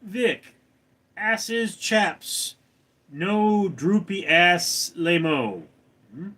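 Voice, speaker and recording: Slow-talking guy on a livestream, kinda high voice, reads chat out loud and cracks wry jokes. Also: lively intonation. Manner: reads viewer comments aloud and answers them, wry and joking. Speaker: livestream host reading chat. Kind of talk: casual live chat.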